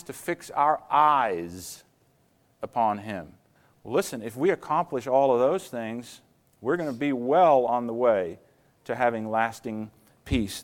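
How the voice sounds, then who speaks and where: A male pastor with a medium-pitched voice delivers an earnest sermon in church, telling stories and shifting his pace slower or faster to stress his points.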